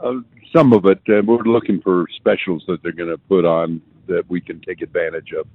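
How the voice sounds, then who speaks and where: A man's voice: low voice, steady tone, normal speed, slightly rough, no echo. A man, a travel agent guest on a radio show, talking in an easygoing, hesitant way with fillers. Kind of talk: casual radio chat. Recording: tinny phone-like sound.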